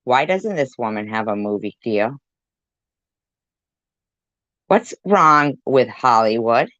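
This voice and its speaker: A woman's voice: extremely low pitch, expressive, slow pace, fairly bright tone, no echo. A woman hosting a commentary channel, mocking and sarcastic as she reacts to clips, swearing freely. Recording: dull lo-fi dry sound.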